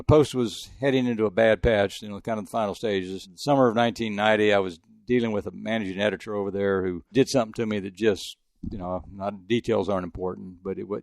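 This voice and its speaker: Older male sportswriter guest, rapid-fire, gravelly, rambling anecdotes, dry close mic. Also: on the low side, darkish tone, dry recording. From El Paso, Texas. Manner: rambling anecdotes with frequent restarts. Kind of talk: casual interview storytelling.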